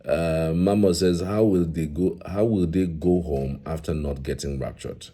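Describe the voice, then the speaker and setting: A man reads social media comments aloud, reacts to them and often laughs along in casual commentary. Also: a little slow. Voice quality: very deep, dark and husky.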